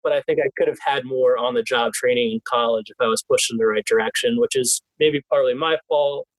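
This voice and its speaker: A young adult man being interviewed as a guest in a casual chat, animated and laughing often as he restarts his sentences. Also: medium pitch, a little fast, no echo, rough recording. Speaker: guest, team PR specialist.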